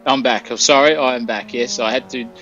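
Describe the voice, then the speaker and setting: A man's voice: mid-range voice, a little fast, faint music behind. Jokey co-commentator man, dull line. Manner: jokey, excitable. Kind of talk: live race commentary. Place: hotel room.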